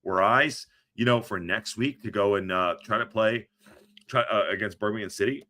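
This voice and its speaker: A man hosting a football reaction podcast, talking in an animated, rambling way that often stumbles and restarts mid-sentence. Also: on the low side, normal speed. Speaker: podcast host. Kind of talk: post-match reaction chat.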